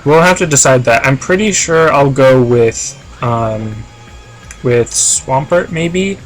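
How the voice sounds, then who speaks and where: A man's voice: mid-range voice, takes it slowly. A man chatting casually on a live game stream, reading chat aloud and rambling with lots of fillers.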